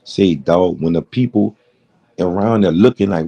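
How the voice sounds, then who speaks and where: Middle-aged guy on a late night stream, deep gravelly voice, rambling and cussing a lot. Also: unhurried, dark tone, lo-fi sound. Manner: rambling, profane, heated storytelling. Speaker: livestream host. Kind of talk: late-night livestream rant.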